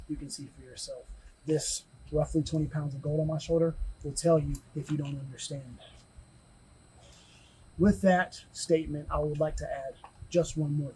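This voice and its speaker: A man's voice: on the high side, darkish tone, a little hiss or hum, rough recording. A man giving a post-match interview as the new champion, confident and boastful, daring his rivals.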